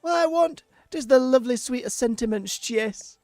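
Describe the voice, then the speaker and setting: A streamer voicing a whimsical traveling magical girl with a put-on Irish-Scottish lilt, speaking slowly and floridly. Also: mid-range voice, no room sound, soft background music, voice pushed up, natural voice. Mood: dreamy. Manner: slow, flowery, sing-song.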